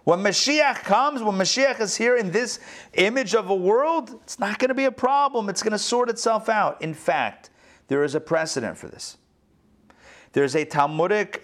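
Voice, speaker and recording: Rabbi, male, fairly high voice; lively teacher who keeps quizzing his class. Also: normal speed. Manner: animated, rhetorical questions to the class. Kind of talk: interactive lesson.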